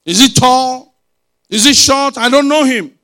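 A man's voice: extremely high pitch, sharp tone, voice pushed up, heavily acted. A man doing a baffled young woman firing questions. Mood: incredulous. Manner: rapid incredulous questions. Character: puzzled young woman Mary questioning an angel.

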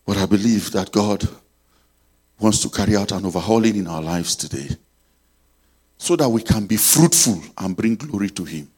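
A man preaching a sermon, telling a story and leading prayer, swinging between loud and soft. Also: lowish voice, expressive, moderate pace, pauses often, husky.

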